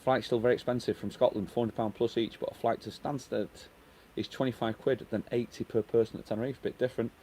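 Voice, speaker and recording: A man's voice: medium pitch, fairly even intonation, fast, dark tone, slight background noise. A middle-aged man hosting a live stream outdoors on his terrace, chatting casually and reading out viewer comments, with the microphone set down on a table. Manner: chatty, reads out viewer comments and answers them.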